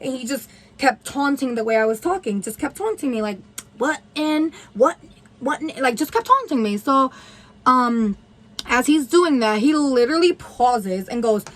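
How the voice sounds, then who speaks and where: A woman's voice: high-pitched, sing-song, moderate pace, fairly bright tone, poor audio. Candid, swearing young woman telling a story. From New Haven, USA. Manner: candid, heavy swearing, lots of "like". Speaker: vlogger. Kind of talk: casual story time while doing makeup.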